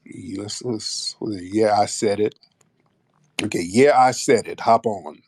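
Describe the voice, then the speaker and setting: A man's voice: on the low side, unhurried, breathy edge, no room sound. A man hosting a live call-in stream, blunt and skeptical, calling everyone brother.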